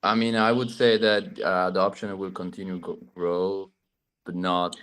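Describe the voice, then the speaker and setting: A man's voice: low voice, flat delivery, normal speed, fairly bright tone, clear, resonant tone. A man in a casual voice chat, asking hesitant questions about trades, with lots of ums and self-deprecating asides.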